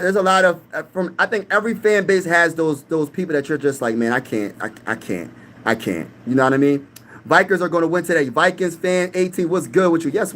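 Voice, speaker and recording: Man, young adult, from pennsylvania, live-stream sports host, hyped, trash-talking, fairly high pitch. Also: a bit bright. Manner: hyped, trash-talking, reads chat aloud.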